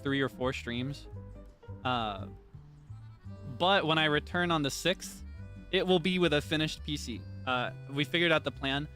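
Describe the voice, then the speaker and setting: A man's voice: a little high, bright, forceful tone. A young man streaming, chatting casually and rambling with many fillers and restarts. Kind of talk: casual chat.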